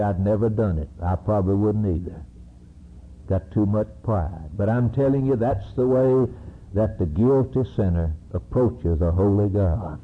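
A man preaching a sermon slowly and emphatically, climbing to high, ringing peaks. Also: husky. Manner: slow, emphatic preaching that rises to high-pitched climaxes. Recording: narrow, phone-like recording.

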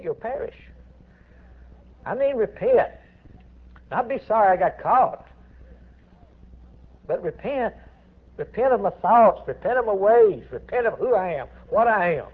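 A man preaching a sermon with impassioned swings between hushed words and rising emphasis. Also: sits high. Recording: tinny phone-like recording.

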